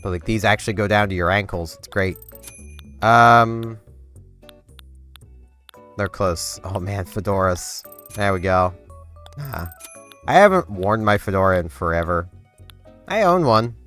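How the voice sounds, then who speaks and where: A man casually chatting through a life-sim game in a relaxed, rambling way. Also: on the low side, a little slow, long pauses, faint music behind. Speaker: gaming channel host. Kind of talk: casual gameplay commentary.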